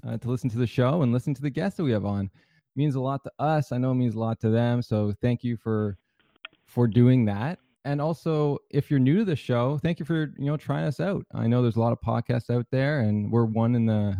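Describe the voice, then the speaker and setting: A man's voice: medium pitch, mellow, dry recording. A man hosting a podcast in a casual, easygoing way, with lots of fillers and restarts. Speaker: podcast host.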